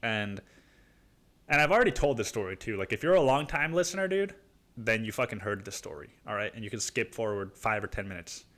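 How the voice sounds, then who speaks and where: A man's voice: lowish voice, lively intonation, brisk, fairly bright tone. Rambling, profane male comic storyteller. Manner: rambling, profane, keeps saying dude. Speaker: podcast host. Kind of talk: comedic storytelling.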